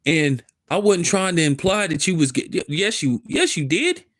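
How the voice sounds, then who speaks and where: A man's voice: fairly high pitch, animated, normal speed, a bit bright. Emphatic man ranting in casual commentary. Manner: emphatic, repetitive, street-casual. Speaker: commentary host. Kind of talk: opinionated commentary.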